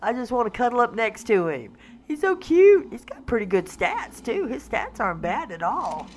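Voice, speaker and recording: A woman hosting a casual let's-play, chatting to the animals in her game in a coaxing, excitable way. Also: on the high side, normal speed, a little hiss or hum. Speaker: gaming channel host.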